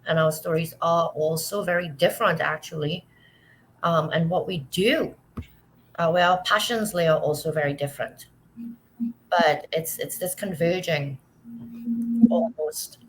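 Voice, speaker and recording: A woman co-hosting a live talk show, who talks in a warm, effusive and gushing way. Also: low-pitched, measured pace, pauses often, a little hiss or hum, low-quality recording. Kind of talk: casual live show chat.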